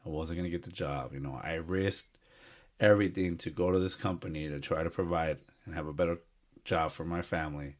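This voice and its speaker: A man with a very low, deep voice talks casually as a podcast co-host. He speaks earnestly and from the heart, rambling along with plenty of fillers and restarts. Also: steady tone, brisk. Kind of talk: casual chat.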